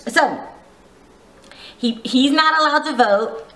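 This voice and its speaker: A woman's voice: high-pitched, slow, fairly bright tone, roomy sound. A woman giving a casual, gossipy recap of a reality show, teasing and full of asides. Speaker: vlogger reviewing a reality show.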